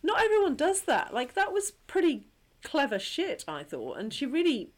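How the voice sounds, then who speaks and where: A woman co-hosting a podcast, chatting casually about a TV episode, animated, swearing freely and laughing often. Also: high voice, moderate pace. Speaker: podcast co-host. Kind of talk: casual chat reviewing a TV episode.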